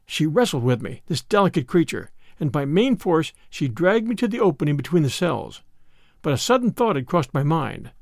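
Expressive, gravelly male storyteller. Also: fairly high pitch, moderate pace, no echo, clean studio sound. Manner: expressive, dramatic. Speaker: audiobook narrator. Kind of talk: scripted narration.

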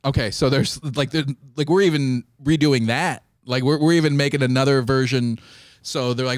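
A man co-hosting a casual comedy podcast, playful and quick to laugh. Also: medium pitch, no room sound, clean studio sound. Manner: playful, joking, laughs often. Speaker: podcast co-host.

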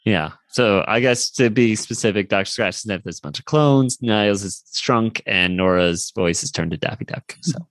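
A man co-hosting a fan podcast, recapping a cartoon episode in a rambling, animated way with many fillers. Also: lowish voice, moderate pace, hardly any pauses, no echo. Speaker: podcast co-host.

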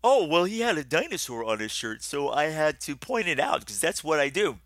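A man's voice: fairly high pitch, very animated, normal speed, a bit bright, dry recording, clean studio sound. A man voicing a big, tall, oblivious man who explains himself in a casual, matter-of-fact way. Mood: nonchalant.

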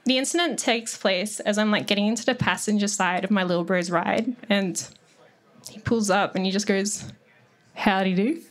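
A woman's voice: medium pitch, normal speed. A young woman telling a rambling comic story on stage, loose and sweary, packed with "like" and her own laughter. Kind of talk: casual stand-up storytelling. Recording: live audience laughing. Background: audience laughter.

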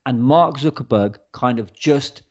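A man co-hosting a podcast, telling stories in an animated way and laughing often. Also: medium pitch, measured pace, dull audio. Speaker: podcast co-host. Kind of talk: casual chat.

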